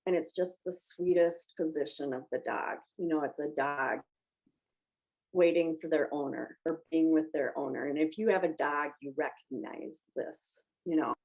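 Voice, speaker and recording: Woman, lowish voice, chatty, emotional storyteller, casual movie podcast talk. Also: moderate pace, creaky, a little mellow, rough recording. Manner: chatty and emotional, retelling a plot. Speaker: podcast panelist.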